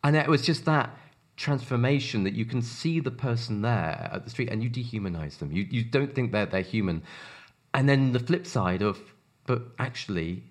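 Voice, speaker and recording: A man with a South African accent, a charity worker who speaks earnestly in an interview, animated and often repeating words as he restarts. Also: medium pitch, moderate pace. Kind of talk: earnest conversational interview talk.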